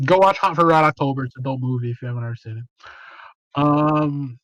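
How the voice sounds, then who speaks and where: A man's voice: medium pitch, a little fast, fairly bright tone, no echo, low-quality recording. A man hosting a podcast in casual, slangy chat, swearing freely. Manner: laid-back, slangy, swears a lot. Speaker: podcast host.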